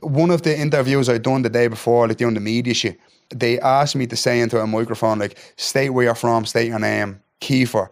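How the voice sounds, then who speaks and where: A man's voice: medium pitch, steady tone, brisk. A man in his thirties with a Dublin accent, a guest on a podcast chatting bluntly and swearing freely, often tagging "do you know what I mean". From Ireland. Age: 30s. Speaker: guest, professional fighter. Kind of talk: casual podcast chat.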